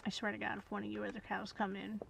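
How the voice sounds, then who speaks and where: A woman giving gameplay commentary, muttering and whispering to herself and scolding the animals in loud bursts. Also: medium pitch, little pitch movement, quick pace, vocal fry, background noise. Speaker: gamer.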